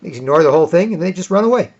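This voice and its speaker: A fairly high-voiced man rambles through a monologue and slips into squeaky mocking voices to act out other people. The recording sounds dull and lo-fi. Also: expressive, rapid-fire, a little mellow. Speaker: commentator.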